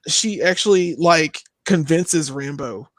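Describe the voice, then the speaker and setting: A man co-hosting a movie review podcast in casual chat, enthusiastic and quick to chime in. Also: on the high side, fairly bright tone, dry recording, clean studio sound. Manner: enthusiastic, quick agreeing interjections. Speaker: podcast co-host.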